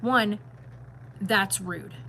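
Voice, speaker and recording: A woman's voice: medium pitch, extremely slow, gravelly, noisy background. A middle-aged woman who is a grandmother, chatting casually and emphatically on a home vlog. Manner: rambling, emphatic, opinionated. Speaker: vlogger and grandmother. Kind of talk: casual chat.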